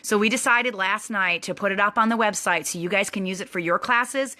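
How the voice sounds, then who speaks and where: A woman hosting an online class, telling a rambling story in a bubbly, excited way and laughing often. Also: mid-range voice, brisk. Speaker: host.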